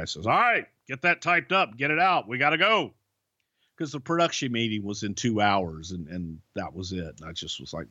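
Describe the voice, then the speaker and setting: A man's voice: low-pitched, no room sound. Profane, rambling man spinning road stories. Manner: profane, rambling anecdotes with restarts. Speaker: podcast co-host, former wrestling writer. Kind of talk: casual storytelling. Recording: dull, lo-fi podcast audio.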